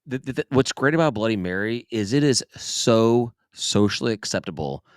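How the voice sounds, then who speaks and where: A man with a Southern US accent talks loosely on a podcast, often stumbling and repeating himself before he finds the word. His voice sits low and sounds smooth and clean. The recording is close and dry. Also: expressive, moderate pace, dry recording. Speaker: podcast host. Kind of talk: casual chat.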